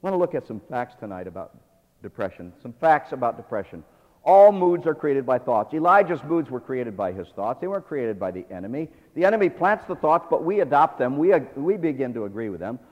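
A man's voice: mid-range voice, big pitch swings, brisk, dull audio. Male pastor, dramatic sermon, dynamic swings, church hall reverb. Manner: dramatic swings from hushed to loud.

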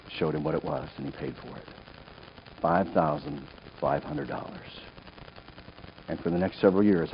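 An older man, a pastor, telling a story in a sermon, with big swings from joyful shouts to a near hush. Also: very deep voice. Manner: animated storyteller, shouting in joy then dropping to a hush. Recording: dull lo-fi sound with faint hiss.

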